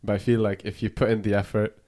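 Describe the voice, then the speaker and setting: A man's voice: lowish voice, little pitch movement, fast, warm tone. A man in casual podcast chat, rambling with lots of "like" and casual swearing. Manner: casual, fills with "like", swears freely. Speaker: podcast guest.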